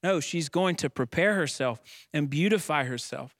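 A young man preaching in a dry, close-miked sound, his voice sitting a little high for a man. He climbs into emphatic declarations and slows way down on the phrases he wants to land, then drops back into easy storytelling. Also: fairly bright tone, no room sound. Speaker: pastor. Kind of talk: sermon.

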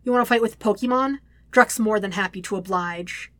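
A woman's voice: medium pitch, brisk, fairly bright tone, no room sound, natural voice. A woman voicing a young man who snaps back firmly and refuses to back down. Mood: defiant. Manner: firm, snapping. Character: stern, defiant young man standing his ground. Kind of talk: audiobook reading.

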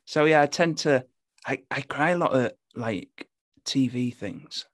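A man's voice: mid-range voice, lively intonation, a little slow, dry recording. A man with a Hull accent, co-hosting a podcast over a video call, bantering casually and swearing a lot. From Hull, England. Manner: sweary, self-mocking banter. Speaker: podcast co-host. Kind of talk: casual chat. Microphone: studio mic with pop shield.

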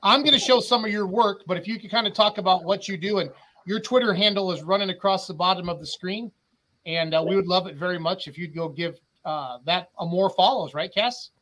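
A man hosting a live weekly show in a high, bright voice. He rambles, cracks corny jokes and keeps things loose. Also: brisk, poor audio. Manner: jokey, rambling, laughs often. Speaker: host.

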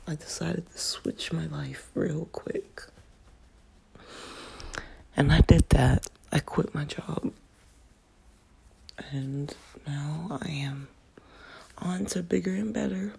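Young woman podcasting, groggy and just woken up, cracking voice, very gravelly, husky, casual venting. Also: low voice, mellow. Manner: candid, venting, slangy. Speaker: podcast host. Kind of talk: casual solo podcast monologue.

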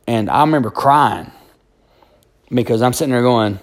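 A man with a drawl tells a story from his past. He rambles and circles back, full of "you know" and restarts, and he livens up as he gets to the exciting parts. His voice sits at an ordinary mid pitch. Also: moderate pace. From Alabama. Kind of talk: casual storytelling.

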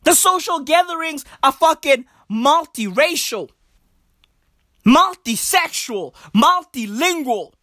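A high-voiced woman from Africa rants in a comedic monologue, leaning on swear words and slang for emphasis. Her pitch leaps and dives with every punchline. The sound is dry and close, with no room echo. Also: lively intonation, slow, pushed and bright. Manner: profane, emphatic, slangy, repeats "bruv" and "broski".

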